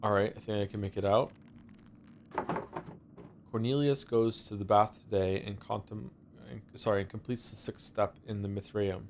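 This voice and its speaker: A man's voice: lowish voice, steady tone, moderate pace, pauses often, slight background noise. A man streaming a game, casually thinking aloud as he plays, trailing off and restarting mid-thought.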